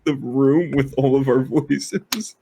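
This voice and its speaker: A young man co-hosting a casual podcast, playful and quick to laugh. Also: mid-range voice, vocal fry, a little hiss or hum. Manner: laughs often, lively and playful. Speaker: podcast co-host. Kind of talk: casual chat.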